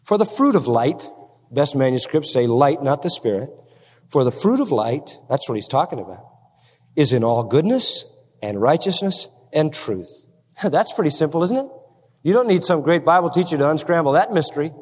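High, animated male preacher. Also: normal speed, slightly rough, big-room sound. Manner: emphatic, with rhetorical questions to the congregation. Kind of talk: sermon.

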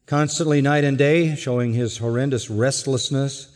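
A man preaching an expository sermon, earnest and emphatic, slowing to stress key words. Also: medium pitch, steady tone, darkish tone. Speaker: pastor. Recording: long hall reverb.

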